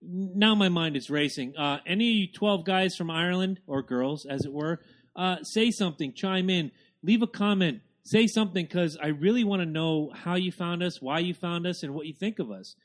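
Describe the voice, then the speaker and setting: A man co-hosting a podcast, talking loudly and excitably and swearing freely. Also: sits high, normal speed. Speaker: podcast co-host. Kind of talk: casual chat.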